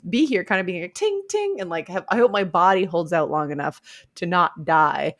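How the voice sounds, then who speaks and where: A woman's voice: fairly low pitch, animated, moderate pace, a bit bright. A woman playing a beaten, pleading man. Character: battered man pleading under a rain of blows.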